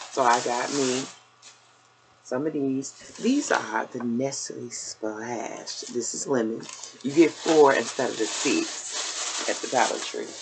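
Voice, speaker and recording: A woman's voice: rumbling low, background noise. An older woman vlogger chatting casually through a shopping haul, a little out of breath, calling her viewers y'all. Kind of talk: casual haul video chat.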